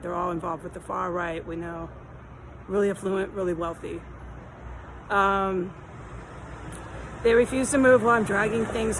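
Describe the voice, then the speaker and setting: A woman's voice: mid-range voice, slight background noise, rough recording. A woman filming herself outdoors on a city street, talking in a rambling, aggrieved, repetitive way while hot and tired. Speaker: vlogger. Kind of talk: rambling walk-and-talk vlog.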